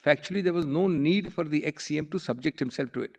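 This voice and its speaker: A senior advocate with an Indian English accent argues formally and emphatically before a bench, often calling the judges "my lords" in this courtroom argument. His voice is a little high, fast, with vocal fry and a darkish tone.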